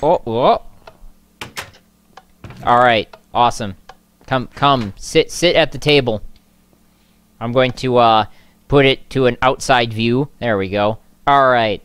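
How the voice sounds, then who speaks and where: A young man hosting a casual let's play, chatting and reacting excitably to the game. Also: mid-range voice, smooth, no room sound. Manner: excitable, jokey, quick reactions. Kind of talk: casual gameplay chat.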